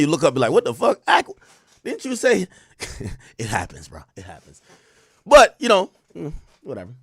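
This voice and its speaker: A young man hosts a loose, casual livestream, reading out chat messages and answering them as they arrive, all while worrying that he's losing his voice. His medium-pitched voice is recorded dry, with clean studio sound.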